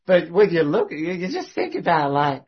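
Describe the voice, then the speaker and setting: Husky man telling a story animatedly. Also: fairly high pitch, moderate pace. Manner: animated, laughing, many restarts and fillers. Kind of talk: casual personal storytelling. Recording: dull lo-fi recording.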